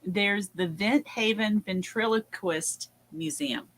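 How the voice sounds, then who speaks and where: A woman's voice: mid-range voice, slow pace. Easygoing woman cohost reading facts off, plain middle voice. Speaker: co-host. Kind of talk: casual chat on a live show.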